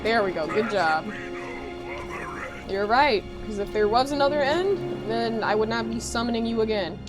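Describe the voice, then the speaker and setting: A woman's voice: a little high, animated, normal speed. Chatty woman streaming a game. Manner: chatty, reacts loudly, reads chat aloud. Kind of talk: casual live gameplay chat. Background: game music.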